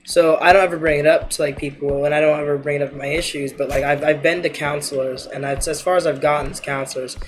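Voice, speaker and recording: A man's voice: a little high, level tone, quick pace, hardly any pauses, noisy background. Hesitant, rambling young man chatting. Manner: rambling, hesitant, many fillers. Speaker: streamer. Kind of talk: casual chat while gaming.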